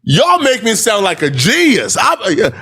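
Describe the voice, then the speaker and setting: A man giving commentary, laying out his point step by step in an animated way. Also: on the high side, measured pace. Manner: animated, explains step by step, breaks into laughter. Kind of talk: explanatory commentary.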